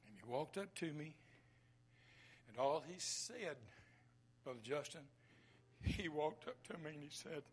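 A man preaching a sermon, swinging between loud declarations and hushed whispers. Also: a little high, lively intonation, a little slow, pauses often.

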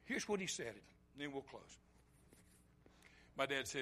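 A man preaching a sermon, swinging from loud emphatic lines to quiet low asides and acting out short bits of dialogue. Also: very animated, measured pace, slight background noise. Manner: acts out short quoted dialogue.

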